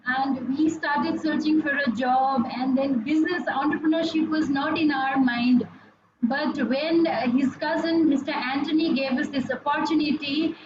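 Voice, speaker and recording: A woman's voice: high voice, fairly even intonation, moderate pace, lo-fi sound. A woman sharing a personal testimonial on a video call, careful and hesitant with fillers. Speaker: speaker on a launch call. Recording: distant, echoey, noisy call audio.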